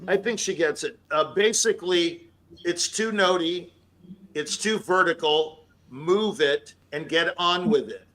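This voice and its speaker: A man's voice: on the high side, unhurried, pushed and bright, rough recording. A man who is a pianist giving emphatic feedback to a performer and scatting melodies aloud to make his points. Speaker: pianist judging an audition.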